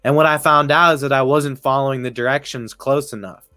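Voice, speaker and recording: A man's voice: mid-range voice, fairly even intonation, a little fast, pushed and bright, no room sound, soft background music. Profane, rambling male sports streamer. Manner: rambling, profane, laughs while talking. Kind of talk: casual live game commentary.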